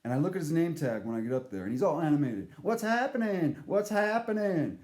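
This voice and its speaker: A man telling a story in a casual monologue, animated and profane, acting out the voices he quotes. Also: medium pitch, rapid-fire, reverberant.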